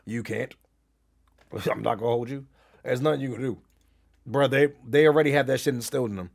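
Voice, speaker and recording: Gravelly-voiced streamer ranting heatedly. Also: male voice, mid-range voice, a little fast. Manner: heated, profane, blunt storytelling; reads and answers chat messages. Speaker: gaming streamer. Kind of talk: casual ranting stream chat.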